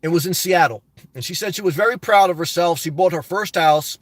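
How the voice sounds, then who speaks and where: A man's voice: high-pitched, fairly quick, no echo. A man hosting a casual livestream, reading viewer comments aloud and riffing on them in a chatty way. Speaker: YouTube channel host reading live chat.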